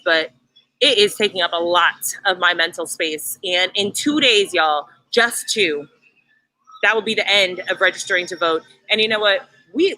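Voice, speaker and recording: A young woman co-hosting a casual podcast from a brewery, bubbly and quick to laugh, talking straight to her listeners. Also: mid-range voice, bright, forceful tone, no echo, poor audio. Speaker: podcast co-host.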